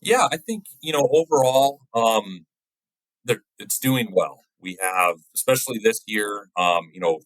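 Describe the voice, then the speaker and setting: A man's voice: fairly low pitch, animated, measured pace, no room sound, low-quality recording. A man who works as a wildlife biologist, a guest chatting casually in an interview and often ending his points with "right?".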